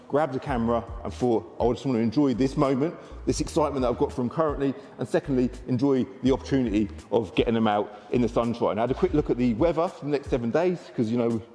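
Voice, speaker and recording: A man, a car dealer chatting excitedly to camera in a casual walkaround vlog. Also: medium pitch, in a large hall.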